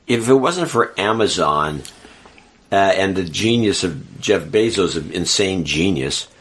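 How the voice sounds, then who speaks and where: A man's voice: sits low, lively intonation, a little slow, a bit bright. A man interviewing a guest, talking casually and restarting his sentences as he thinks. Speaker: interviewer and technology writer. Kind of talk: casual conversation.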